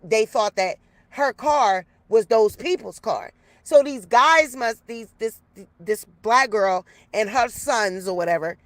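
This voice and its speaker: A chatty woman, a YouTuber, talks her viewers through a story in a lively, casual way from outdoors. Her voice sits a little high. The sound is close and dry, with no room around it. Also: no echo. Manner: chatty, animated storyteller addressing viewers as y'all. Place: outdoors in the rain.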